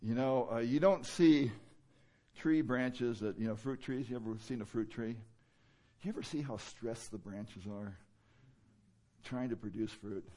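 A man's voice: mid-range voice, unhurried, dark tone. Man, pastor, conversational sermon, fillers, asks the room questions. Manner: conversational preaching with many fillers and rhetorical questions.

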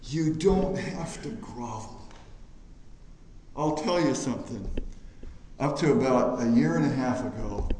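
A man preaching a sermon in a church hall, emphatic, swelling loud on key phrases and then dropping quiet. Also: mid-range voice, animated, measured pace, pauses often, slight background noise.

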